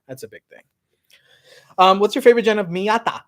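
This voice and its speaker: A man hosting a casual livestream Q&A outdoors, talking in a slangy, animated way that trails off at the ends of phrases. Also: sits high, fairly quick, no room sound, clean studio sound. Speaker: host. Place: outdoors by parked cars.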